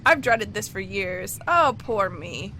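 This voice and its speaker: A woman voicing an excitable, self-pitying female clockmaker hermit, reading game dialogue aloud in a theatrical, wailing way. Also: mid-range voice, slow pace, a little hiss or hum. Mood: dramatic.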